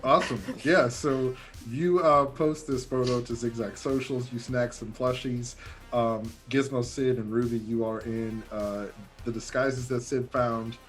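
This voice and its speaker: A man's voice: mid-range voice, fairly even intonation, a little slow, soft background music. A man narrating as game master, loose and full of fillers.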